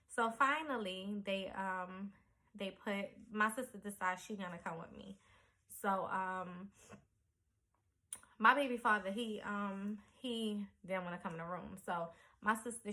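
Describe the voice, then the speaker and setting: A young woman casually telling her own childbirth story, animated and acting out what everyone said. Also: medium pitch. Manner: animated, acts out her own panicked quotes, frequent fillers.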